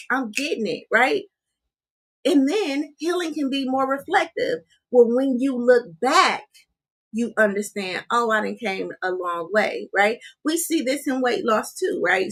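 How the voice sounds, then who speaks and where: A woman's voice: high-pitched, a bit bright. A woman giving a live-streamed coaching talk, chatting with her audience, often asking "right?" and calling them "you guys" and "honey.". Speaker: life coach.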